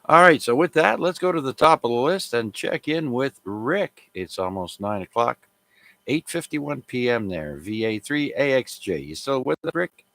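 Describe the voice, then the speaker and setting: A man hosting a casual amateur radio net, chatty and relaxed with many fillers. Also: mid-range voice, moderate pace, gravelly.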